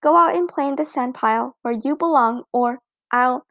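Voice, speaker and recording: A bossy, prim schoolgirl who orders her little sister about, as a woman reading aloud puts her on. The voice is high with a slight gravelly fry, recorded dry and close. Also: moderate pace, a bit bright, no echo. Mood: scolding. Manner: bossy, correcting.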